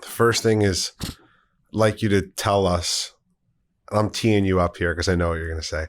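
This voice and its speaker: A man's voice: sits low, steady tone, moderate pace. A young man hosting a podcast, friendly and leading his guest through the talk. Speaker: podcast host. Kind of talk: casual interview chat.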